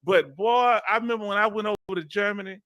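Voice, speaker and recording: Southern man from Houston, bright and dry. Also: high voice, fast, no room sound. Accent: Southern US, Texas. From Houston, Texas. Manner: folksy, reads comments aloud and chats directly to viewers. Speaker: host. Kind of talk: casual livestream chat.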